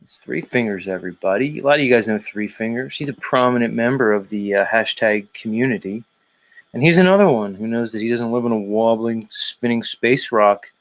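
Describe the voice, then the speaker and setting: A man's voice: medium pitch, fairly quick, no room sound. A man hosting a livestream, chatting casually in a teasing, rambling way with many fillers. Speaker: host.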